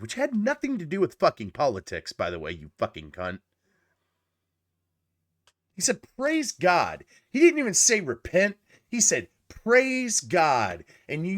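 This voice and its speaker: Male reaction host, profane and indignant, pitch swinging wide. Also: fairly bright tone. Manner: indignant, heavy swearing. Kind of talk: casual profane commentary rant.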